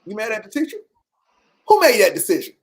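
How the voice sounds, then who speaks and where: A woman's voice: mid-range voice, huge pitch swings, quick pace. A woman, telling a personal story in a casual, preachy way, repeating questions and acting out the people she quotes.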